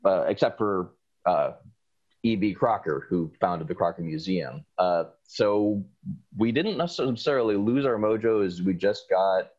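A man's voice: deep voice, darkish tone, muffled recording. A man, answering interview questions at length in a lecturing, wry, sarcastic way. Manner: sarcastic, lecturing, thoughtful pauses. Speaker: local historian guest. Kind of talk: conversational interview.

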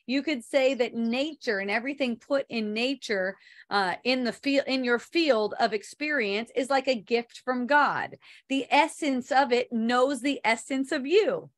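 A woman's voice: a little high, measured pace. A woman giving an online spiritual talk, rambling loosely, laughing often, swearing casually and reading viewer comments aloud.

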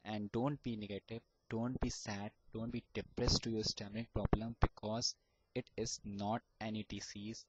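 A man with an Indian English accent giving earnest, repetitive advice on overcoming stammering, sounding out words slowly. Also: fairly low pitch, fairly bright tone, muffled recording, slight background noise. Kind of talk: casual advice talk to camera.

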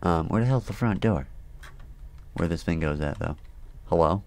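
A man's voice: low voice, moderate pace, a little mellow. A man playing a horror game and talking to himself, jumpy and swearing, breaking into nervous laughter. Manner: talks to himself while playing. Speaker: gaming video host. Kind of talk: casual horror game commentary.

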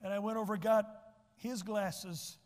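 A man's voice: sits high, steady tone, normal speed, darkish tone, big-room sound. A man preaching a sermon as pastor, telling personal stories and building to emphatic lines. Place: church sanctuary.

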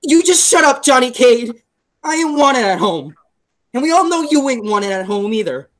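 Teen girl as a greaser boy, sensitive, quick-tempered, earnest, video call. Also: a little high, big pitch swings. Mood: heated. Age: teens. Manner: earnest, bursting into outbursts. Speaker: student actor. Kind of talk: school play read over a video call.

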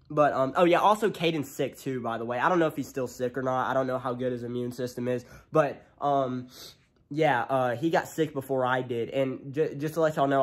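A young man of eighteen, sick and congested, rambles through a casual home vlog. He talks extra loud into a handheld camera, full of fillers and restarts. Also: medium pitch. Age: young adult. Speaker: vlogger. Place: home, indoors.

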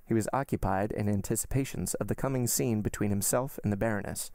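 Gravelly man reading a classic novel. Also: fairly low pitch, fast, a little mellow, no echo, clean studio sound. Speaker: podcast host and reader. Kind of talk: audiobook narration of a classic novel.

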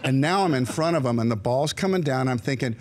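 Halting man telling a story. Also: medium pitch, expressive, a little mellow. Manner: halting, repeats words and restarts. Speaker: guest. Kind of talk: storytelling anecdote.

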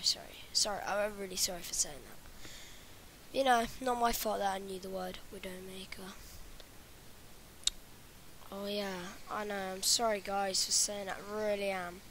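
A woman's voice: medium pitch, sharp tone, slight background noise. A woman talking over her gameplay in a rambling way, often dropping into whispers. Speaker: gaming channel host. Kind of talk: gameplay commentary.

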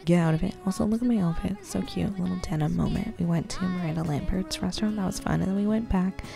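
A woman's voice: on the low side, quick pace, gravelly. A young woman narrating her travel vlog in a chatty, upbeat way, with fillers. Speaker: travel vlogger. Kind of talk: casual vlog narration to camera. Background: background music.

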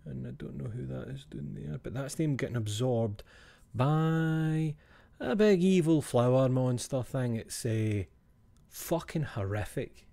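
A Scottish man streaming and talking with his viewers in a loose, chatty way. His voice sits at an ordinary middle pitch, and he keeps slipping into hushed whispers for asides. He swears freely and laughs easily. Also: measured pace, gravelly. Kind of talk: casual chat with stream viewers.

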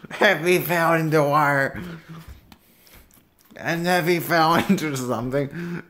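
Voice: mid-range voice, slow, fairly bright tone. A reaction video host giving profane, mocking commentary in a put-on voice, laughing often. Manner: doing a put-on voice. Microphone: headphones with a desk mic.

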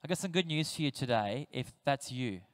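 A man preaching a sermon, telling stories in a lively way and acting out the voices of the people he quotes. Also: medium pitch, brisk. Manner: animated storytelling, acts out quoted voices. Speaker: pastor. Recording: reverberant church hall.

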